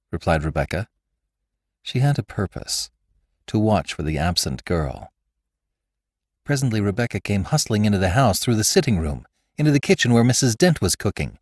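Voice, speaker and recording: Low, lively male storyteller. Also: dry recording, clean studio sound. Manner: measured, expressive storytelling. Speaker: podcast narrator. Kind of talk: audiobook narration.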